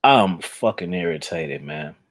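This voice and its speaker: A man's voice: sits low, animated, unhurried, a little hiss or hum. A man hosting a casual livestream chat, swearing and venting his frustration at the audience. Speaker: host.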